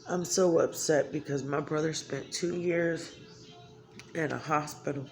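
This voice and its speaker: A woman's voice: sits low, fairly even intonation, measured pace, darkish tone, faint music behind. A woman talking candidly to her viewers in a blunt, emotional way, swearing freely. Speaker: vlogger. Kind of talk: candid talk to camera.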